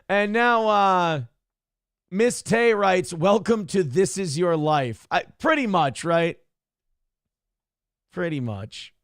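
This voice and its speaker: A man with a somewhat high voice hosts a live show and reads viewer donations aloud. He sounds exasperated and laughs often. His voice is close and dry, with almost no room sound. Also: lively intonation, slow pace, long pauses, fairly bright tone, dry recording. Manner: exasperated, laughing, swears freely. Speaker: radio show host reading viewer donations. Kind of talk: casual live-stream talk.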